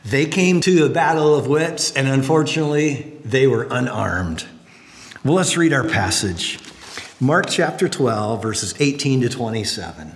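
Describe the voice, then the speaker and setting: Animated male preacher in an echoey hall. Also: medium pitch, measured pace. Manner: animated storyteller, jokey asides. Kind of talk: sermon with storytelling.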